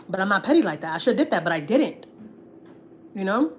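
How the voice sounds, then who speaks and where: A woman's voice: medium pitch, big pitch swings, fast, a little hiss or hum. A woman from Houston, Texas, venting on a casual family vlog livestream; she is blunt and profane and repeats herself for emphasis. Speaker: family vlogger host.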